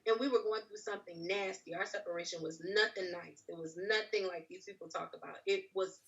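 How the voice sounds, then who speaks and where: A woman sharing a personal testimony in casual chat, animated and quick to laugh. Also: medium pitch, recorded from a distance, lo-fi sound. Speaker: podcast host.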